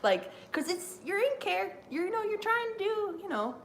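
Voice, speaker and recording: A woman streamer chatting live during a wrestling watch-along, rambling and excitable with lots of fillers. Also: extremely high pitch, moderate pace, slight background noise. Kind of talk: live reaction chat.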